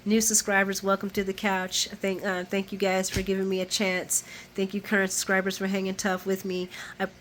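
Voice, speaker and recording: A woman vlogger giving a chatty, animated recap of a soap opera episode. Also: medium pitch, a little fast, slight background noise.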